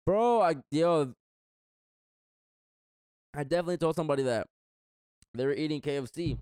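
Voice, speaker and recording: A man's voice: fairly high pitch, expressive, normal speed, darkish tone, clear, resonant tone, no room sound, studio quality. A young man in casual chat, rambling through a story and acting out what others said in a slangy way. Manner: rambling, slangy, acts out quotes.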